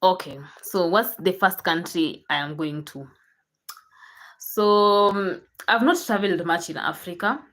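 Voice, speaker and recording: Young Kenyan woman, low voice, chatty vlogger who repeats herself and restarts. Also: a little slow, a bit bright. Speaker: YouTuber. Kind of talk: casual chat to camera.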